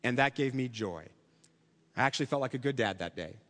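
A man's voice: mid-range voice, expressive, brisk, a bit bright, in a large hall. A middle-aged male pastor preaching a sermon in a conversational, storytelling way with rhetorical questions.

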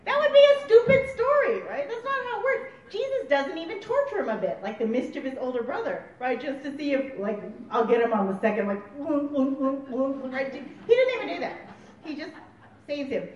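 A woman preaching a sermon, animated and often laughing as she acts out voices. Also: sits high, fairly quick, a little hiss or hum. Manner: animated, laughing, acting out quotes. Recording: roomy, distant, dull recording.

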